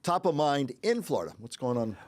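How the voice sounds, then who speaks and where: A man hosting a casual podcast, teasing his co-host in quick-witted banter. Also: medium pitch, big pitch swings, a little mellow. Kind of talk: casual conversational chat.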